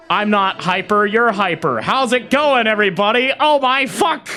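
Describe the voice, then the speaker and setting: A streamer chatting live with viewers, hyper and shouty, swearing a lot and bursting into yells. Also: medium pitch, moderate pace, few pauses, soft background music.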